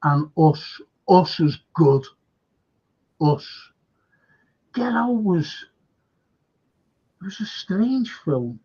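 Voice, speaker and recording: Male host, husky and gravelly, chatty and rambling, lo-fi stream audio. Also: high-pitched, animated, very slow, long pauses, warm tone. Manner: chatty, repeats words, reads viewer comments aloud. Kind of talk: casual film chat.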